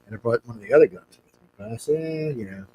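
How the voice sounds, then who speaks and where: A man's voice: medium pitch, lively intonation, fast, mellow, a little hiss or hum. A man telling a long anecdote as a guest on a talk show, rambling, blunt and chuckling as he goes. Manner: rambling, chuckles through his story. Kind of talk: casual anecdotal storytelling.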